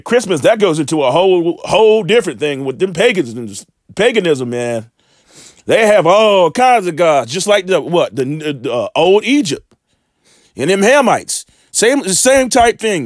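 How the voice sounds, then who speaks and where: A man's voice: fairly high pitch, big pitch swings, unhurried, no echo, clean studio sound. A man reading scripture aloud and preaching informally. He talks fervently and often stumbles over his words.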